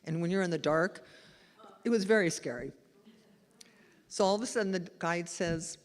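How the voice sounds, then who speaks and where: A woman minister giving a lively, chatty storytelling sermon at a live church service. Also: fairly low pitch, normal speed, long pauses. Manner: chatty and animated, laughing as she tells the story. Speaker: spiritual director and minister. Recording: long hall reverb in a church.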